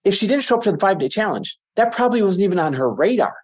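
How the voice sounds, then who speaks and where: A man's voice: high-pitched, sing-song, very fast, husky. A male podcast co-host who talks emphatically in conversation and draws out lessons for the listener.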